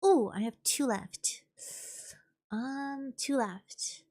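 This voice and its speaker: A woman's voice: high-pitched, extremely slow, darkish tone. A woman streamer chatting casually while gaming, thinking aloud and answering chat.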